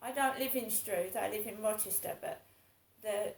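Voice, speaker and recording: A vlogger in her fifties speaks at a moderate pace with a medium-pitched voice. Her casual monologue rambles and circles back on itself in an aggrieved tone, and the poor audio has a roomy sound.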